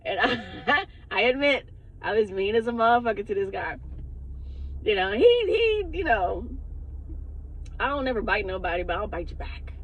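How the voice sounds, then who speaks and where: A woman's voice: medium pitch, very animated, moderate pace, muffled recording, slight background noise. A woman who works as a spiritual advisor, telling a personal story in a casual vlog, candid and heavy on the cursing. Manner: profane, candid, laughs often.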